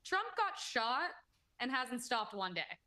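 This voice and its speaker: A woman's voice: fairly high pitch, sing-song, takes it slowly, bright, forceful tone. A woman giving opinionated commentary in a casual exchange, talking emphatically and indignantly, often restarting her sentences. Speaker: commentator guest.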